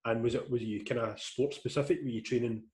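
A man's voice: mid-range voice, steady tone, fast talker, darkish tone. A man hosting a casual interview, asking long, rambling questions full of fillers. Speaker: podcast host, interviewer.

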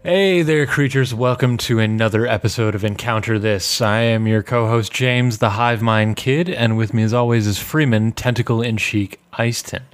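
Low-voiced upbeat podcast co-host. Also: male voice, little pitch movement, moderate pace, hardly any pauses. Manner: upbeat, jokey. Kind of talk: casual chat.

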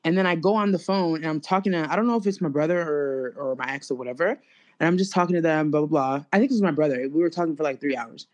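A young woman, hosting a podcast and telling a story to a friend in a casual, animated, slangy way, full of "like". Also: sits low, fast. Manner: animated and slangy, filler-heavy with lots of "like". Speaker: podcast host.

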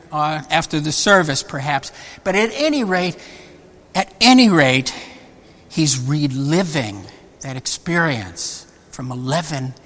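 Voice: medium pitch, a bit bright. A preacher giving a sermon, often repeating words and restarting phrases. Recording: long hall reverb.

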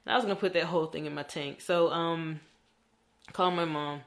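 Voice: mid-range voice, brisk, fairly bright tone. A young adult vlogger talking in a candid, rambling diary style and swearing freely. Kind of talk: casual diary vlog.

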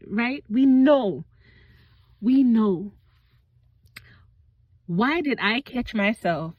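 Solo woman podcast host, casual and reflective, speaks slowly and quizzes the listener; dull, lo-fi close-mic sound. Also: fairly high pitch, no room sound. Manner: conversational, asks the listener direct questions. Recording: dull lo-fi recording.

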